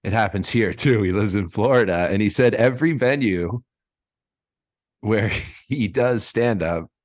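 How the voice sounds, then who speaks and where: A man hosting a casual podcast chat, relaxed and laughing often as he tells anecdotes. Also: fairly low pitch, measured pace, no room sound, clean studio sound. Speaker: podcast host.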